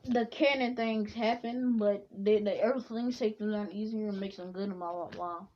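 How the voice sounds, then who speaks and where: A woman casually spinning a fan story in a rambling way, with many restarts and quick switches into the characters' voices. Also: medium pitch, fairly even intonation, mellow, lo-fi sound, a little hiss or hum. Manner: rambling, full of fillers and restarts, jumping between voices.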